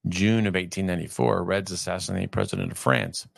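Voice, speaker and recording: A man in his fifties from California, reading a text aloud and breaking off into halting, conversational asides. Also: sits low, animated, creaky, no room sound, clean studio sound. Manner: reads evenly, then digresses in a halting conversational way. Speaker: reader and commentator.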